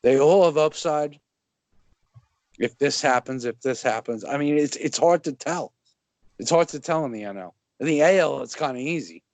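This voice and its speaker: A man co-hosting a podcast in casual sports chat, talking in a relaxed, loose way and often chuckling. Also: on the high side, moderate pace, no room sound. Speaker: podcast co-host.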